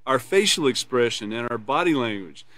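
A man's voice: medium pitch, animated, moderate pace, fairly bright tone, dry recording. Earnest male instructor, dry close sound. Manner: earnest, explanatory, laughs and smiles while teaching. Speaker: character education instructor. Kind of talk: live online class, reading from a course manual and explaining.

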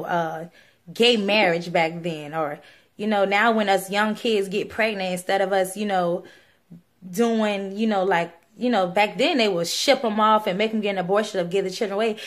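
A woman's voice: mid-range voice, moderate pace. A young woman speaking, giving an earnest, pleading personal testimony on video with many fillers. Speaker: vlogger sharing a religious testimony.

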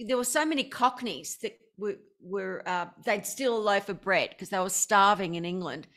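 A woman's voice: medium pitch, normal speed, a bit bright. A woman with an Australian accent, a guest in a casual interview, talking in an effusive, enthusiastic way.

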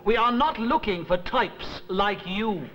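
A pompous police sergeant. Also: male voice, high voice, animated, unhurried, a bit bright, low-quality recording. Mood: officious. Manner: stiff and officious, rising to indignant outbursts. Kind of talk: 1960s TV sketch comedy.

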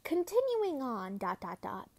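A woman's voice: high-pitched, wildly swooping pitch, a little slow, no room sound. A young woman reading fanfiction aloud, casual and giggly, often tripping over words. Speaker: fanfiction reader.

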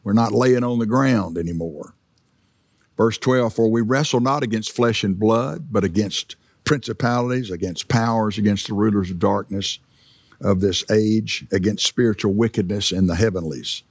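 Gravelly-voiced man preaching. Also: fairly low pitch, moderate pace, dry recording, clean studio sound. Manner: conversational preaching with frequent fillers and restarts. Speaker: pastor. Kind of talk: sermon. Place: church.

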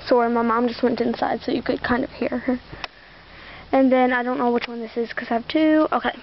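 A woman's voice: fairly high pitch, fairly even intonation, brisk, vocal fry, highs cut off, a little hiss or hum. A young woman chatting casually outdoors, rambling as she shows off a collection. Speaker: vlogger showing a toy collection. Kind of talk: casual show-and-tell.

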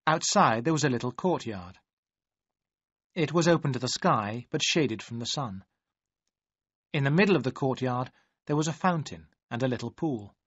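A man reading a story aloud in measured, even storytelling narration. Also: mid-range voice, no echo. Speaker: audiobook narrator. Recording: dry, slightly dull audio.

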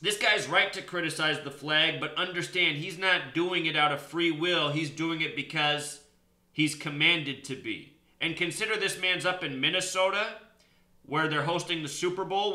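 A man's voice: on the high side, pushed and bright, reverberant. A man hosting a solo commentary video in a lecturing, emphatic way. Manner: emphatic, lecturing, presses points hard. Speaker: host.

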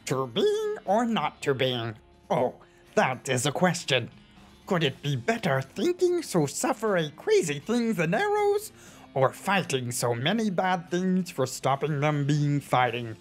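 A husky goblin stage actor, put on by a man declaims a tragedy in slow, broken, overblown lines. His pitch swings wildly up and down as he hams up every phrase. Soft music plays underneath. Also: huge pitch swings, heavily acted. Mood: theatrical. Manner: broken, grandly dramatic recital.

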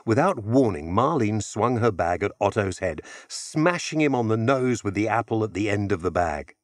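Man, audiobook narrator, scripted narration, measured, lively pitch, dry close recording. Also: no room sound. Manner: measured, expressive storytelling.

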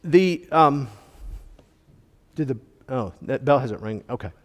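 A man's voice: mid-range voice, expressive, slow. A man teaching a church Bible class, explaining the text and stressing key words, with frequent fillers. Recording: long reverb of a hall.

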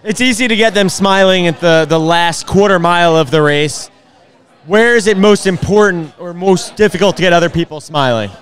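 A man's voice: sits high, normal speed, fairly bright tone. A man co-hosting a casual interview, upbeat and encouraging. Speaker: co-host interviewer.

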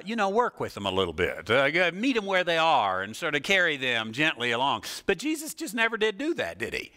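A man preaching a sermon in a lively, animated way, asking rhetorical questions, laughing now and then, and often pausing with fillers and restarts. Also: mid-range voice. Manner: frequent filler words and restarts. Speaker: pastor.

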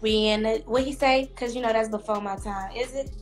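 A woman's voice: on the high side, steady tone, fairly quick, faint music behind, poor audio. A young woman from Atlanta bantering playfully with her mother on a phone livestream. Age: young adult. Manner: playful, bantering, Southern slang. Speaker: daughter on a live video chat. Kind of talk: casual chat on a livestream.

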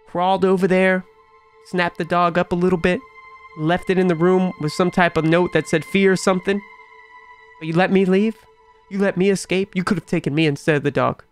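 A young man commentating a horror game as he plays, jumpy and incredulous, talking back to what he sees on screen. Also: sits high. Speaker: gaming YouTuber.

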